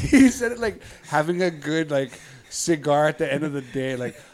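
A man co-hosting a podcast, chatting casually, animated, swearing often and telling stories. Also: fairly high pitch, moderate pace. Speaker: podcast co-host. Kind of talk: casual chat.

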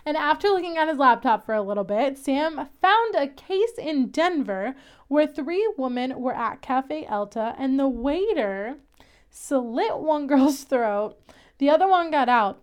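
A young woman hosting a casual, chatty recap of a TV episode, laughing often as she talks. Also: high voice. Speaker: podcast host.

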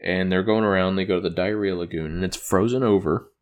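Man, lowish voice, casual recap, rambling, chuckles, self-correcting. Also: steady tone, fairly quick. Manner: loose and chuckling, with frequent fillers and self-corrections. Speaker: podcast host recapping an episode he wrote.

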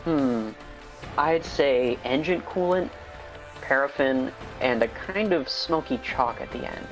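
Man doing a young male wanderer, wry, grumbling, plain mid voice, soft music bed. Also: mid-range voice, slow pace, natural voice, rough recording. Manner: dry and grumbling.

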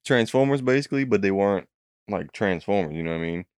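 A man's voice: fairly low pitch, fast, clean tone, no room sound. A young man telling a long story in casual chat, swearing freely and acting out what people said. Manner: profane, animated storytelling with acted quotes. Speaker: storyteller recounting a dream.

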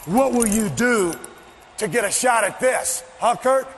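Man, high voice, taunting wrestling promo, shouting, reverberant arena, faint background noise. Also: expressive, a little slow. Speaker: pro wrestler.

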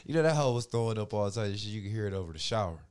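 Lively profane man telling a story. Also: fairly low pitch, racing, clear, resonant tone. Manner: profane, animated storytelling with mimicked voices. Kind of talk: casual chat.

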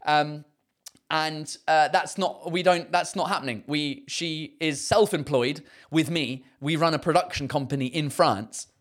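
Brief: man in his thirties, comedian host, casual rambling chat, a touch high-voiced. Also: measured pace. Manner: rambling, swears casually, frequent fillers. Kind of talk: casual live-stream chat reading comments.

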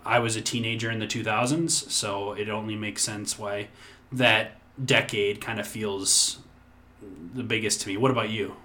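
A man's voice: fairly low pitch, little pitch movement, moderate pace, sharp tone, slight background noise. Rambling, swearing male podcast co-host. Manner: rambling, swears freely, many restarts. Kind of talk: casual podcast chat.

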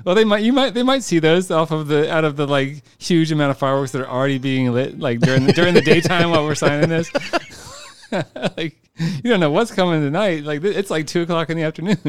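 A man's voice: on the high side, quick pace, clear, resonant tone. A man co-hosting a podcast in casual comedic chat, rambling, laughing often and using many fillers. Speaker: podcast co-host.

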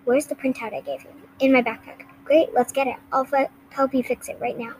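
Woman voicing defensive teen boy, pleading, in a fairly high voice. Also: steady tone, brisk, a little hiss or hum, lightly acted, rough recording. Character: defensive teenage schoolboy rival.

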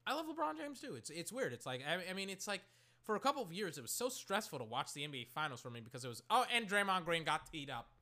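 A man from Oakland, California, casually calling a basketball game he is watching, rambling with lots of "like" and breaking into excited shouts. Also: high-pitched, quick pace. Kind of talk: casual play-by-play while watching.

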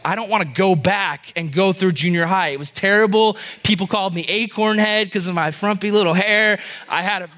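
A young man preaching a casual sermon, telling a long joke and acting out the characters before turning to the message. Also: high voice. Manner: animated storyteller voicing characters. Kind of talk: sermon with storytelling.

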